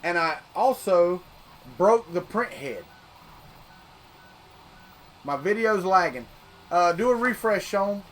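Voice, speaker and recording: A high-voiced man with a Southern US accent, from Florida, talks loosely to his livestream viewers about 3D printing. He rambles and often restarts or repeats words as he works at his printer. A faint hum of room ambience sits behind him. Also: slow pace, long pauses, a bit bright. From Florida, United States. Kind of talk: casual live-stream chat.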